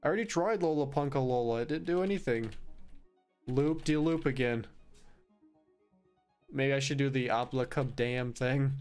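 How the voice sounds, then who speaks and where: A man commenting on a video game as he plays, joking around and swearing casually, with plenty of playful disbelief. His voice sits at an ordinary middle pitch, and faint game music runs underneath. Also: normal speed, darkish tone, clean tone. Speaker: gaming YouTuber. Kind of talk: let's play commentary.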